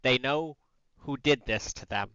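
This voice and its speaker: A man's voice: mid-range voice, a little slow, pushed and bright, dry recording. A man playing in a tabletop game, talking bluntly with a wry edge. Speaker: player. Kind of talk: casual tabletop play. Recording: muffled lo-fi mic.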